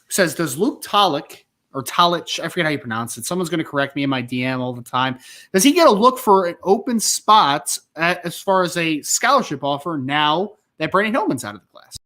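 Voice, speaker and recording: A man's voice: on the high side, expressive, fairly quick, pushed and bright. A man co-hosting a casual sports talk show, rambling and laid-back, leaning on "like" and "man.". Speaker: podcast co-host.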